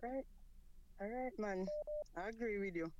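A man with a Jamaican accent calling into a radio show, giving short, soft-spoken replies. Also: high voice, unhurried, highs cut off. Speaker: radio caller. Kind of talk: casual phone-in chat.

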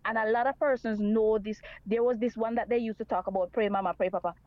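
A woman's voice: a little high, fairly even intonation, fairly quick, dry recording, muffled recording. A woman calling in to a radio talk show, speaking earnestly and repeating her points. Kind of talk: call-in radio chat.

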